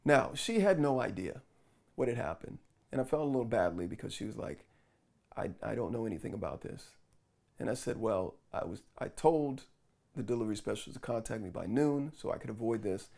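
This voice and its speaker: A gravelly, mid-range voice moves at a fairly quick pace as a man from New York vlogs. He casually and animatedly relives a frustrating story, acting out the dialogue with lots of quoted lines.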